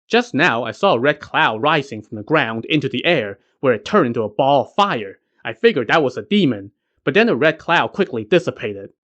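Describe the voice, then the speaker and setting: A man voicing a brash, quick-talking monkey king who explains things with confident swagger. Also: mid-range voice, expressive, fairly bright tone, muffled recording, close to an everyday voice.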